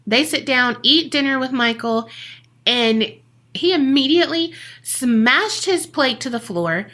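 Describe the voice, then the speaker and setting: This podcast co-host has a high-pitched voice and keeps a measured pace. Her storytelling is casual and animated, full of slang, swearing, and quoted people she performs in character.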